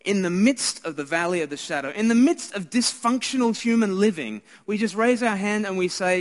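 High-voiced Australian man preaching in a hall. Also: expressive, a little fast, few pauses. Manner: earnest, conversational, with frequent restarts and hushed asides. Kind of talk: Christmas sermon. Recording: hall reverb.

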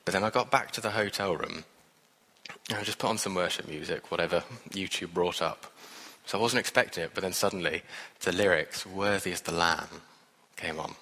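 A man's voice: sits low, brisk, sharp tone. Earnest man preaching in an echoing hall. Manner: earnest, conversational, with self-deprecating asides. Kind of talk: sermon. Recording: reverberant hall.

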